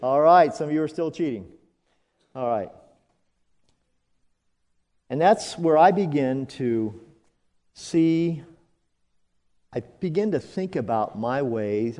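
A pastor delivers his sermon slowly and deliberately, in a voice of middling pitch for a man. He swings from hushed, near-whispered lines to sudden high emphatic bursts, and calls on the congregation to answer him back. His words ring out with the long echo of a church sanctuary. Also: lively intonation. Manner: leads congregation call-and-response. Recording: long reverb of a church hall.

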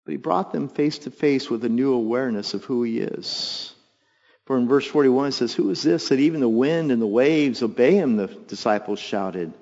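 A man preaching a sermon, telling the story with lively asides and acting out the voices of the people in it. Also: normal speed. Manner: animated storytelling, acts out voices with jumps in pitch and volume. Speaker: pastor. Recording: long hall reverb, dull lo-fi sound.

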